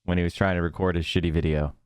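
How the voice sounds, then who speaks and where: A man's voice: low-pitched, racing, smooth, dry recording, clean studio sound. A man telling a story to his chat in a casual, profane way, acting out what others said. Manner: swearing, animated, acts out quotes.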